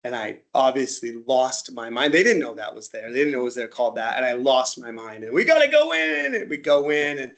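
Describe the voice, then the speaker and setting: A man's voice: mid-range voice, big pitch swings, brisk, few pauses, a bit bright. A man from the United States presenting a casual slide-show talk, a chatty storyteller who acts out little dialogues. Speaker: presenter at an interest group talk.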